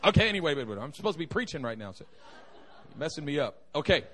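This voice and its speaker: A man's voice: a little high, sing-song, quick pace, fairly bright tone, a faint crowd, a little hiss or hum. A young man preaching a humorous sermon in a church, telling stories and joking with the congregation. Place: church sanctuary.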